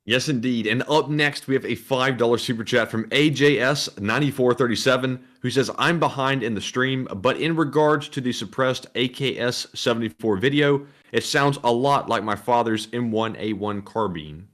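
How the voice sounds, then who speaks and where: A man co-hosting a livestream, reading out viewer messages in a steady announcing way and chatting casually. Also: mid-range voice, moderate pace, few pauses.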